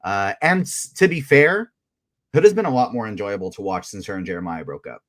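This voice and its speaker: A man's voice: fairly low pitch, expressive, a little fast, a bit bright. A man co-hosting a live fan podcast, chatting casually in a self-amused way with stumbling restarts. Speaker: podcast co-host. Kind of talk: casual recap chat.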